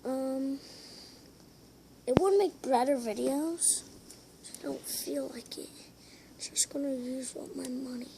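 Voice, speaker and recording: A woman's voice: high-pitched, measured pace, gravelly, long pauses, background noise. A woman giving a casual, rambling step-by-step craft tutorial, with hesitant instructions and muttered, whispered asides. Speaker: tutorial maker.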